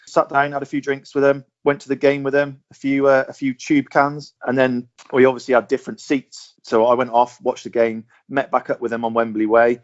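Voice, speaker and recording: A man's voice: mid-range voice, monotone, a little fast, hardly any pauses. A man with a southern English accent spinning a loose, rambling anecdote on a fan podcast. His voice sits in an ordinary middle register and comes through a slightly muffled, lo-fi call line. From southern England. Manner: rambling, repeats words, chatty. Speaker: podcast panelist. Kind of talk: casual storytelling chat.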